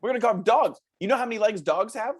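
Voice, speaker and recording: A man's voice: high voice, fast, breathy edge, voice pushed up. A man improvising an overeager children's TV show host, talking in a sing-song way as he plugs a sponsor. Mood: peppy. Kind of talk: improv comedy scene.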